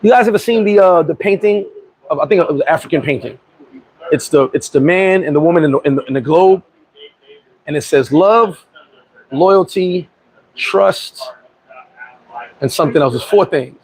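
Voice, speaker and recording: American man, livestream host: high, gravelly voice, loose chatty delivery, shout-outs and comment reading. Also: normal speed, long pauses, poor audio. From United States. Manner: reads viewer comments and gives shout-outs; rambling, with frequent restarts and chuckles. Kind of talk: casual livestream chat.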